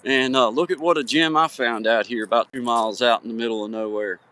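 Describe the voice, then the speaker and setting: A man's voice: mid-range voice, a little fast, sharp tone, smooth. A man from Virginia, chatting casually with live viewers from a hiking trail on his phone, folksy and friendly with greetings by name. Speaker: livestream host. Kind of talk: casual live-stream chat. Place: outdoors on a hiking trail at sunset. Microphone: phone held for a live stream.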